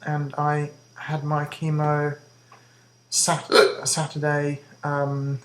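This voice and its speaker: Hiccuping woman, halting flat voice. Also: low-pitched, low-quality recording. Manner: hesitant, many ums and restarts; talks fast. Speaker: vlogger giving a health update. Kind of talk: casual talk to camera.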